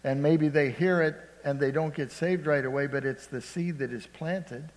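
Heard through long hall reverb, this male pastor delivers his sermon at a normal pace in a fairly high voice. He shifts from loud, emphatic moments to quiet storytelling and keeps asking the congregation "Amen?"

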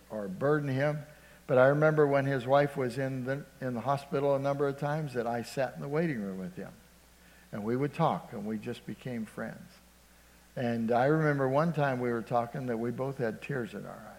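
Preaching pastor in an echoing hall. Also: male voice, mid-range voice. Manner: preaching with frequent "Amen?" calls, swinging from loud to hushed. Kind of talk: sermon. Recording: long hall reverb.

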